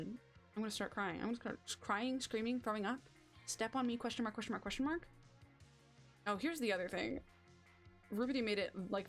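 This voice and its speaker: A young woman streaming a game, chatting in a rambling, excitable, self-mocking way. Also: a little high. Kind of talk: casual live-stream chatter.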